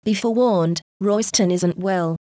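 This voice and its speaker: A woman's voice: mid-range voice, measured pace, mellow, dry recording, natural voice. A woman playing a smug robot news announcer. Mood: wry. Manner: dry, sarcastic, mock-formal. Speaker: podcast segment robot.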